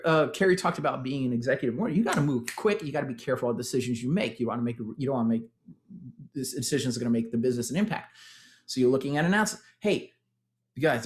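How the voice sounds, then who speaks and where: Energetic Texan man giving a testimonial. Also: mid-range voice. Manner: energetic, addresses audience as "guys". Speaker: former tech executive sharing his testimonial. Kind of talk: motivational testimonial talk.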